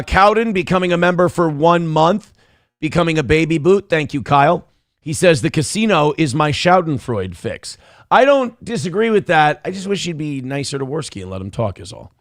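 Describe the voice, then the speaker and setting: A man hosts a live show in casual live-stream chat style, reading chat messages aloud with crude, self-mocking jokes and rambling asides. His fairly high, sing-song voice moves at normal speed in a dry, clean studio recording.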